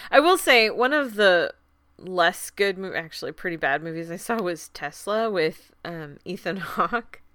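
A woman in casual conversation tells a story with lots of laughter and quoted voices. Her voice is fairly high and swings widely in pitch, with a bright, crisp edge. The sound is dry and close. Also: unhurried, no room sound. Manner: laughs often, animated storytelling with acted quotes. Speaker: film festival guest. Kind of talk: casual chat.

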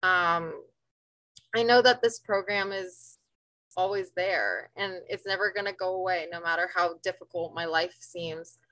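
A woman's voice: on the low side, fairly even intonation, measured pace, a bit bright, dry recording, poor audio. A woman giving an earnest personal share at an online support meeting, full of fillers. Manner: earnest, many fillers, breaks into tears near the end. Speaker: meeting speaker sharing. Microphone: video call.

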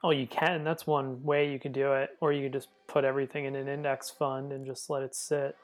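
A man with a mid-pitched voice who speaks in an even, flat tone. As a podcast guest he talks about his own show in a plain, matter-of-fact way. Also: a little fast. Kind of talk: casual podcast chat.

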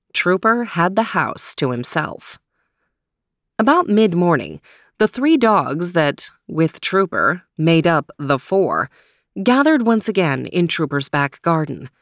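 Calm woman narrating a storybook. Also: fairly low pitch, no room sound, studio quality. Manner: calm, gentle reading.

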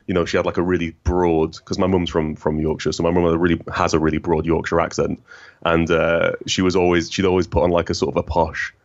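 Very deep-voiced man, rambling chat. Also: level tone, quick pace, muffled recording. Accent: faint northern English. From northern England. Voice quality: rich, smooth voice. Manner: rambling, self-deprecating, many restarts. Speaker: guest. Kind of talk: casual conversation.

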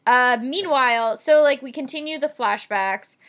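Podcast co-host, woman with a slightly high voice, wry and chatty. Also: a bit bright. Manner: chatty and wry, quick asides. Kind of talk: casual chat recapping a TV episode.

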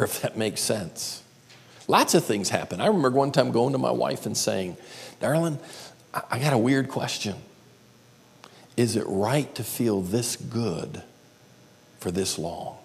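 A middle-aged male pastor preaching a sermon, swinging between loud exclaiming and whispered asides. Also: medium pitch, gravelly. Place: church sanctuary. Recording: long hall reverb.

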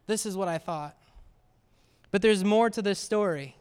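High-voiced man preaching in an echoing hall. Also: measured pace, darkish tone, clear, resonant tone. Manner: conversational preaching, frequent "right?" asides. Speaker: pastor. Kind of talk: sermon. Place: church sanctuary. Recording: reverberant hall.

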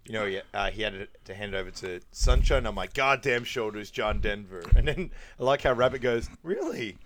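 A man's voice: lowish voice, a little fast, fairly bright tone, a little hiss or hum. A man co-hosting a casual podcast who recaps a comedy film, acting out the lines and laughing often. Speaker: podcast co-host.

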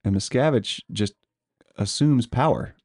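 In a mid-range, darkish voice, a man co-hosts a podcast at a slightly slow pace. He chats casually, hedges his points, laughs easily and fills gaps with frequent ums.

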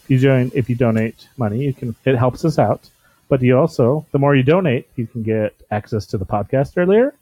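A man's voice: medium pitch, a little fast, warm tone, dry recording. A man hosting a podcast in casual chat, stammering and repeating words, on a dull lo-fi mic. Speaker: podcast host.

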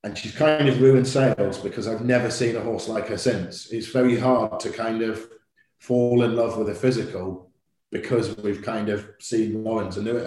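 A middle-aged man, a guest telling an animated story in a podcast interview and acting out quoted shouts. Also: on the low side. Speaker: racehorse owner, guest. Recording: echoey room.

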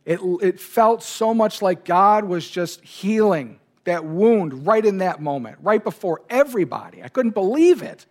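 Higher-voiced pastor telling a story. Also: male voice, animated, measured pace, few pauses. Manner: personal, emotional anecdote told to a congregation. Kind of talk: sermon storytelling.

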